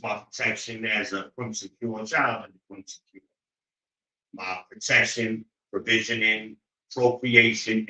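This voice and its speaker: A man with a piercingly bright, cutting voice delivers a preachy, profane monologue. He keeps hammering his points, often climbing into loud, incredulous outbursts. The sound carries a roomy echo. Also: fairly low pitch. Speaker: show host. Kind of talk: opinionated monologue.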